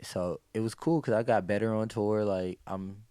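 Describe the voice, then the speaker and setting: In studio-quality audio with no echo, a man with a lowish, clear, resonant voice speaks at normal speed. He's on a podcast as a guest, telling casual stories loaded with slang and swearing while acting out quoted exclamations.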